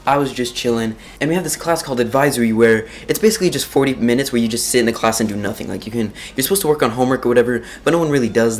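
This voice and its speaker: A teenage boy telling a school story in a casual, excitable way, exaggerating and laughing often. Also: mid-range voice, a little hiss or hum. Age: teens.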